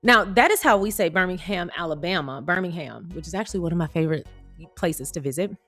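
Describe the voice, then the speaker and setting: A woman's voice: fairly low pitch, animated, fast, a bit bright, faint music behind. Chatty woman on celebrity gossip. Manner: chatty, playful, drifts into tangents. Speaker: celebrity news commentator. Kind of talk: casual commentary reading an article aloud.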